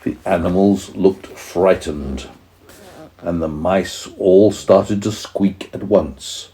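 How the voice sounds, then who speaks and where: Low, slow-reading man telling a bedtime story. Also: warm tone. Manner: patient, explains words to a child. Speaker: parent reading to his child.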